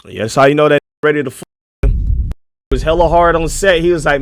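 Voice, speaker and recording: A young man streaming a casual reaction video, profane and mocking, swinging into shouts. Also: on the high side, fairly quick, pauses often, no echo, clean studio sound.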